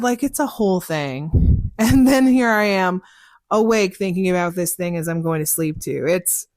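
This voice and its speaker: A woman's voice: fairly low pitch, no echo, studio quality. A young woman hosting a show, chatting candidly about her psychic work, laughing often and acting out conversations. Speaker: psychic podcast host. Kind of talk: casual chat answering listener questions. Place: car.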